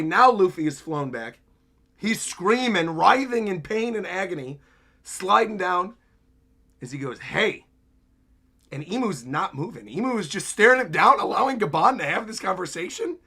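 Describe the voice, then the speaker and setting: A man's voice: high voice, bright, forceful tone, breathy edge. A man giving casual, upbeat reaction commentary on a livestream, chuckling as he walks through each panel. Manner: upbeat, chuckles often while describing panels. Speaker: streamer reacting to a comic chapter.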